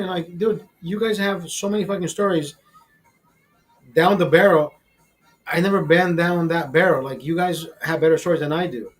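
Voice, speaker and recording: A man's voice: fairly high pitch, steady tone, brisk. A young man, the host, telling a long casual story in a rambling, heavily profane way. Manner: profane, rambling, mimics voices.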